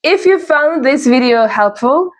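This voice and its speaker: Woman teaching, slow and careful. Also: high voice, animated. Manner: slow, careful pronunciation drills; explains in English, models phrases slowly for repetition. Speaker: language teacher. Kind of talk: beginner language lesson.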